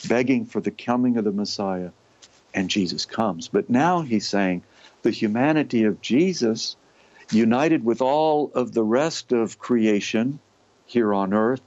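A man reading aloud from a devotional text and explaining it in a deliberate way, lingering on long lists of words. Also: on the low side, darkish tone, no room sound. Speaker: religious teacher. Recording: dull, lo-fi, dry recording.

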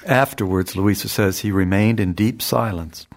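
A man reading a devotional text aloud and explaining it in an earnest, measured way, often repeating phrases. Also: lowish voice. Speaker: spiritual teacher.

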